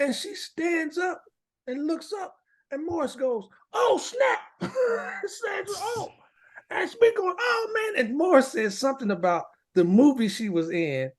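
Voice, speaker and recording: Animated storytelling man, lively pitch. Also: measured pace. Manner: animated storyteller, acts out voices. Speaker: podcast co-host. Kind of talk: casual storytelling chat.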